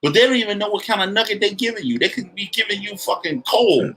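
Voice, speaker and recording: A man's voice: high voice, expressive, quick pace, crowd noise. A man co-hosting a podcast in casual, blunt, profane chat. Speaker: podcast co-host.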